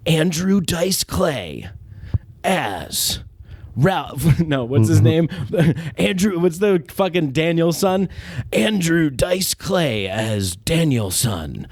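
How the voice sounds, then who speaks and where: Rambling animated man on a comedy podcast. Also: fairly high pitch, drawn-out words, dry recording. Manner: rambling, profane, giggly. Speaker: podcast host.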